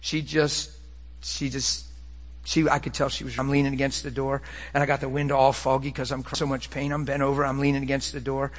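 A middle-aged man preaching a personal testimony, swinging between hushed, quiet passages and excited, impassioned bursts. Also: mid-range voice, long reverb tail. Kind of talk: sermon testimony.

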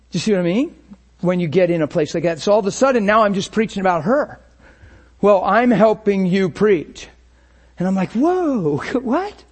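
Male pastor, high voice, conversational sermon, acts out inner thoughts, laughs easily. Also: a little mellow, slightly rough.

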